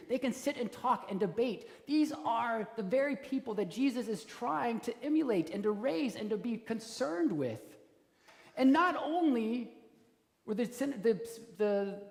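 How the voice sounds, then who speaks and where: Animated preacher in an echoing church. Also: male voice, very high voice. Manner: animated, conversational preaching with acted-out quotes. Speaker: pastor. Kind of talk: sermon. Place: church sanctuary. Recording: roomy church reverb.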